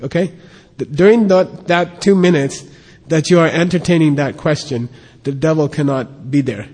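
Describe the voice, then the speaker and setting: Husky male teacher in an echoing hall. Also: fairly high pitch, normal speed, a little mellow. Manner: explanatory, checks in often with "okay?". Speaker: Buddhist teacher. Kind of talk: lecture on a scripture. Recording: long hall reverb.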